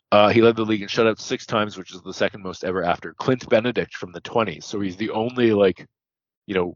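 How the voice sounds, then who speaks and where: A man with a very low voice chats casually on a podcast, running through long lists of numbers and stopping to correct himself. The sound is dry, and the recording is a little dull and lo-fi. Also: no room sound. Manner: reels off statistics, corrects himself mid-sentence. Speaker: podcast co-host. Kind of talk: casual stats-heavy podcast chat.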